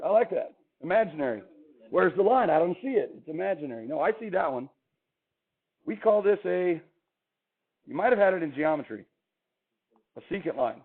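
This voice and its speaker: A male math teacher lecturing a classroom, chatty and quizzing the students as he goes. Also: on the high side. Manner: chatty, asks the class questions. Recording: tinny phone-like classroom recording.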